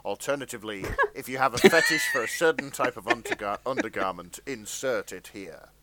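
A man narrating a comic fanfic reading in a deadpan, dry way. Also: mid-range voice, a little fast, heavy background noise.

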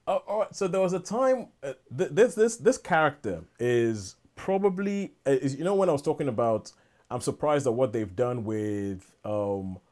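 A man's voice: mid-range voice, lively intonation, moderate pace, darkish tone. Rambling man on a podcast. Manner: rambling, with many restarts and asides. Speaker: podcast co-host. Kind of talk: casual chat.

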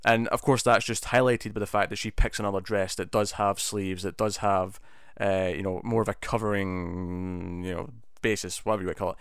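A man's voice: low-pitched, steady tone, normal speed, fairly bright tone, smooth, dry recording, clean studio sound. A man casually talking through a TV episode, rambling with many restarts and fillers. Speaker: TV episode reviewer. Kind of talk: casual spoken review.

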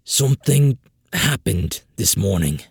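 Narrator doing a jittery, polite town guard, hesitant and stammering. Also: male voice, on the low side, big pitch swings, slow, gravelly, darkish tone, breathy edge, no echo, clean studio sound, voice pushed down, heavily acted. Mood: nervous. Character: nervous, deferential male town guard.

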